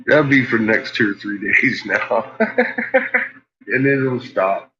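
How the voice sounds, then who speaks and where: Laughing, foul-mouthed man with a bright voice. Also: fairly low pitch, slow pace. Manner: profane, laughs often, talks to the dogs. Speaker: vlogger. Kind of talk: casual chat to camera and to his dogs. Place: at home with his dogs. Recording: dull lo-fi home recording, faint noise. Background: dogs barking.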